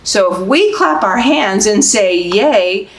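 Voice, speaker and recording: A young woman, a librarian, reading a picture book aloud and singing nursery songs for babies, in a sing-song, animated way. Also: medium pitch, slow, roomy sound, rough recording. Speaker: children's librarian hosting baby story time.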